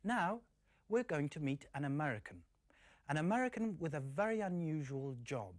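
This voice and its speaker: Male course presenter, measured explanations, dry close recording. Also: on the high side, sing-song, no echo. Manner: slow, clear explaining. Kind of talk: scripted teaching presentation.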